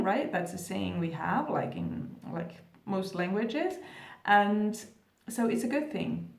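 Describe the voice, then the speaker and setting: Speaking to camera from an indoor room in Australia, a female spiritual vlogger sounds gentle, earnest and reassuring in a mid-range voice, with soft laughs and fillers. The recording is echoey, with a distant mic.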